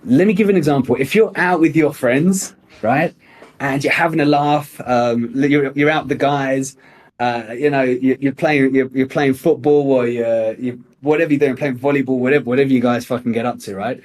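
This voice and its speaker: A man's voice: medium pitch, fairly even intonation, moderate pace. A young man coaching salespeople in an emphatic, motivational way, swearing casually as he teaches.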